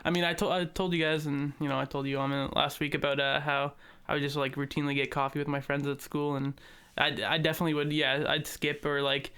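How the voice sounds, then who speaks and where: A young man co-hosting a casual podcast. His voice sits a little on the high side for a man. He rambles through stories in a relaxed way, leaning on fillers and easy swearing. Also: fast talker, smooth. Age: young adult. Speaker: podcast co-host. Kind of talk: casual chat.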